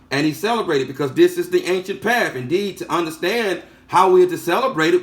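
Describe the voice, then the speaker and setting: A man giving a sermon teaching, reading out passages and repeating phrases for emphasis with rhetorical questions. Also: a little high. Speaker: preacher.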